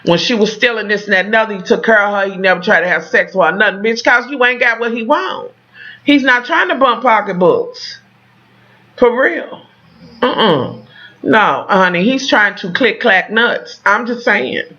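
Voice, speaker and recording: Loud, profane woman vlogger recapping TV. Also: mid-range voice, animated, normal speed, lo-fi sound. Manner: profane, dramatic, talks straight to viewers. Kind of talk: animated casual recap.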